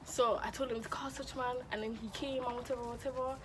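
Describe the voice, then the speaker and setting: A young woman telling a storytime in a casual, animated, dramatic way. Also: a little high, fast, background noise. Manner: animated, dramatic, acts out quoted voices. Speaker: vlogger.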